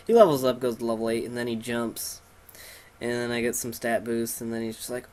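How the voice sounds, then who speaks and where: A man talks over a video game playthrough in a loose, irreverent way, cracking jokes and making up goofy lines for the characters. His voice sits at an ordinary middle pitch. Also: flat delivery, a little fast, a little mellow, a little hiss or hum. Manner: irreverent, joking, makes up silly dialogue for characters. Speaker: let's play host. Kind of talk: casual let's play commentary.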